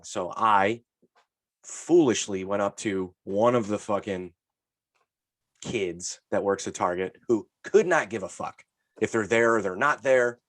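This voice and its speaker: A man co-hosting a podcast, telling stories in casual chat with lots of swearing and lively retellings. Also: lowish voice, no room sound. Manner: profane, animated storyteller. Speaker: podcast co-host.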